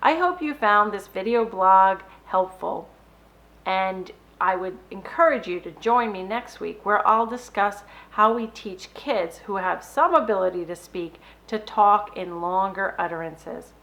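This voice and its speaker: A middle-aged woman hosts an educational video blog in a clear, instructive voice of medium pitch. She acts out baby sounds and single words with slow, playful exaggeration. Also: fairly bright tone, rough recording. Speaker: behavior analyst host.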